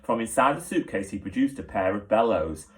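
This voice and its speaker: A man, a teacher, reading a children's book aloud with steady, clear storytelling. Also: lowish voice, a little fast.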